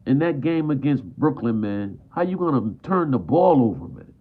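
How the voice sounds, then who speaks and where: A frustrated man vents about his team on a live stream, circling back to the same complaints again and again. His voice sits at an ordinary pitch and comes through thin and phone-like. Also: very animated, moderate pace. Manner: frustrated, repetitive, peppers talk with "man". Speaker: basketball fan streamer. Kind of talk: live stream sports rant. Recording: tinny phone-like audio.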